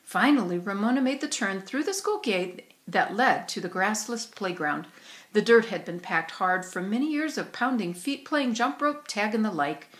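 A woman's voice: medium pitch, normal speed. Woman reading a children's story aloud. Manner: expressive storytelling. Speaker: narrator. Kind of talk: audiobook reading. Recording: roomy echo.

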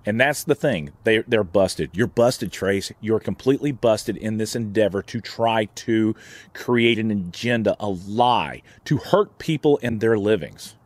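A man's voice: fairly low pitch, animated, a little slow, no room sound. A man hosting his own channel, speaking in a heated, indignant vlog rant with frequent restarts. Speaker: gun channel host. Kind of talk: opinion vlog commentary.

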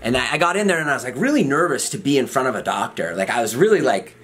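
A man's voice: medium pitch, expressive, fast talker, fairly bright tone, breathy edge. A man in his thirties, a vlogger, telling a personal story in a rambling, self-deprecating way, full of fillers and restarts. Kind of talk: casual storytelling.

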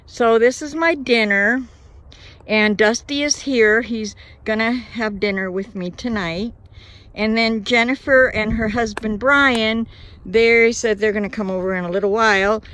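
This woman's voice sits on the high side, with a measured pace and a fairly bright tone, and she's out of breath. Outdoors at her van campsite in the woods, she chats to the camera in an earnest, grateful, casual vlog for her viewers.

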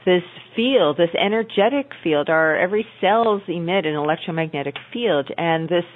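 A woman with a low voice, well below most women, explaining at length as an interview guest. She talks earnestly, stopping to restart phrases and filling pauses as she works through each point. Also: animated, slight background noise, poor audio. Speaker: guest, naturopathic doctor.

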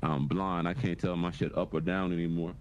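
A man's voice: low voice, fairly even intonation, brisk, muffled recording, a little hiss or hum, lightly acted. A man playing a blind young man stuck in prison who rambles and stammers defensively in casual role-play chat. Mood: indignant. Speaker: game character.

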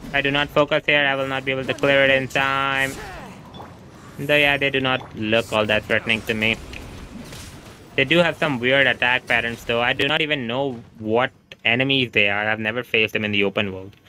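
A man's voice: mid-range voice, fairly even intonation, fairly quick, pushed and bright, a little hiss or hum. A man with an Indian English accent, chatting casually on a gaming livestream, reading chat aloud and laughing often. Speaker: gaming streamer. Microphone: home streaming setup microphone.

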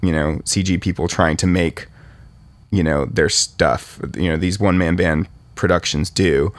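A man's voice: low-pitched, fairly even intonation, measured pace, no echo. A man hosting a casual podcast, rambling and self-deprecating as he talks through his own 3D work. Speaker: podcast host, 3D artist.

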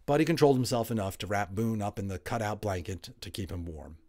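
A man narrating a children's novel aloud in an expressive, lively storytelling manner. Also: on the low side, fast talker. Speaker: audiobook reader.

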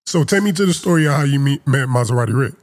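A man's voice: medium pitch, lively intonation, quick pace. A man interviewing a guest, asking short, steering questions in a casual tone.

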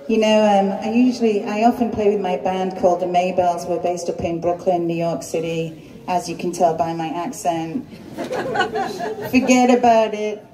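A woman's voice: lowish voice, little pitch movement, moderate pace. A woman with a Yorkshire accent, a folk singer chatting and joking with the crowd between songs at a live club show. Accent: Yorkshire English. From Yorkshire, England. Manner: chatty, joking, self-deprecating. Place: stage of a music club. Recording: echoey live club with loud guitar.

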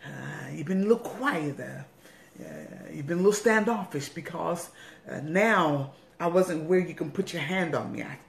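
A woman's voice: low voice, moderate pace, vocal fry. A woman bishop giving an earnest personal testimony, repeating phrases for emphasis. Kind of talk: personal testimony in a weekly online message. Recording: roomy echo.

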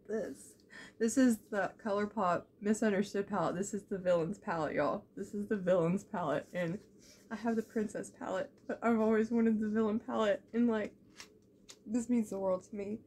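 A young woman, chatting excitedly as she unboxes beauty products, full of "like" and "y'all". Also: mid-range voice, moderate pace, a little hiss or hum. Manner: gushing and excitable, lots of "like" and "y'all". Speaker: beauty vlogger. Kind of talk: casual unboxing chat.

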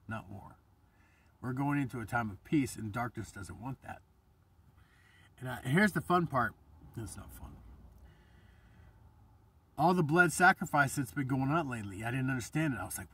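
A man's voice: a little high, a bit bright, breathy edge, dry recording, far from the mic. A man hosting his own channel, delivering a rambling, profane, agitated monologue. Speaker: channel host. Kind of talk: ranting monologue.

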